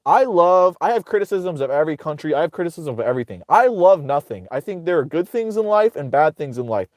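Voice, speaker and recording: A man's voice: a little high, sing-song, fast, a little mellow, no room sound, studio quality. A man hosting casual political commentary, ranting sarcastically with profanity, rambling and restarting his sentences.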